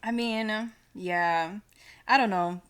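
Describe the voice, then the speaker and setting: A woman's voice: medium pitch, slow pace, a bit bright, smooth. A woman co-hosting a podcast in casual chat, blunt, profane and playful. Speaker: podcast co-host.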